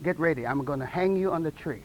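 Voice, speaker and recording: A man telling his testimony in a sermon, in animated storytelling style with non-native English grammar and frequent laughter at his own stories. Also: on the high side, fast talker, muffled recording, slight background noise. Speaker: preacher.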